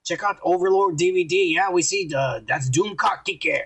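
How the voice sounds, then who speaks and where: A man's voice: high voice, normal speed, a bit bright, slightly rough. A man co-hosting a casual drinking podcast, profane and rowdy, reading out viewer comments.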